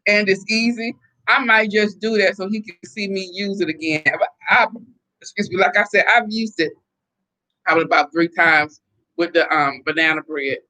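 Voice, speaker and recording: A middle-aged woman from the Southern United States hosts a relaxed live stream. Her voice is bright and forceful as she chats away in an animated, talkative manner. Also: mid-range voice, normal speed. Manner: chatty and animated, laughing often. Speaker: host reading viewer comments. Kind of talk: casual live-stream chat.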